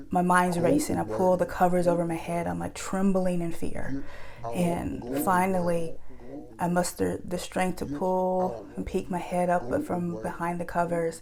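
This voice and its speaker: A woman's voice: on the low side, little pitch movement, moderate pace, creaky, a crowd in the background. A woman telling her own true ghost story in a vivid present-tense retelling, with casual fillers. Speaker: eyewitness storyteller.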